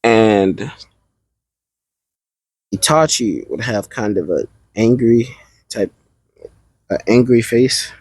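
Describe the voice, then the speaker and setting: A man narrates a made-up adventure off the cuff, drifting and backtracking as he goes. His pace is slow and drawn out, and his voice has a husky, breathy edge. The sound is close and dry. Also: fairly low pitch, lively intonation, darkish tone, no echo, poor audio. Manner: rambling, stops and restarts. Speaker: storyteller. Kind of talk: improvised fan story narration.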